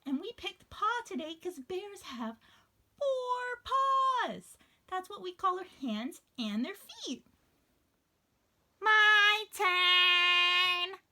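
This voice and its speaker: A woman hosting a children's story time, speaking in an animated, sing-song way that encourages the children. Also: very high voice, takes it slowly.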